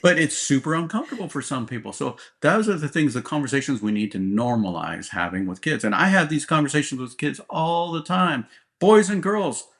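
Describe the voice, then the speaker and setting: A man's voice: a little high, lively intonation, a little fast, a bit bright. A man, a police officer guest, talking bluntly and plainly in an interview, often checking in with "right?". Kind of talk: candid interview talk.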